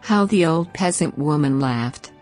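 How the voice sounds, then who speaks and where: A woman narrating a bedtime fairy tale in a slow, gentle, expressive reading. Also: deep voice, soft background music. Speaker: storyteller.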